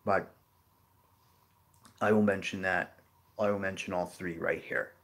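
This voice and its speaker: Deep-voiced man explaining at a rambling pace. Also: steady tone, a little slow, vocal fry, a bit bright. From New Orleans area, Louisiana. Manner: loose, rambling delivery with many "you know" fillers. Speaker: geography video host. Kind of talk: unscripted explanatory talk.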